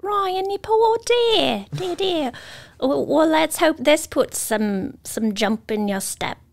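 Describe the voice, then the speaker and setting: A woman's voice: high-pitched, animated, takes it slowly, vocal fry, voice pushed up, heavily acted. A woman putting on a British accent to play a prim, fussy lady interviewer, speaking theatrically in a podcast studio. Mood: prim, fussing. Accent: put-on British. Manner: theatrical, fussing over the listener.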